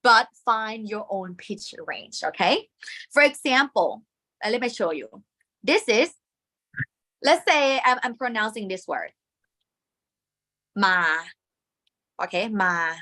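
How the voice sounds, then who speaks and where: Slow, bright-voiced Thai-accented woman teacher. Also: on the high side, very animated. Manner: slow, patient, demonstrating tones aloud. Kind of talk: classroom lesson.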